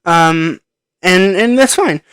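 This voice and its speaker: A man's voice: high-pitched, lively intonation, takes it slowly, fairly bright tone, clear, resonant tone, no room sound. A man giving a casual spoken film review into a computer microphone, rambling and hesitant with frequent ums and restarts. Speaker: movie reviewer. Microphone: microphone plugged into a computer.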